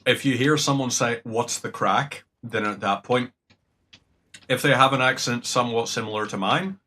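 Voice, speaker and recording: Chatty Northern Irish man, bright voice. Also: medium pitch, normal speed. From Northern Ireland. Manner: rambling, chatty, swears casually. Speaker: game streamer. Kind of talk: casual gameplay chat.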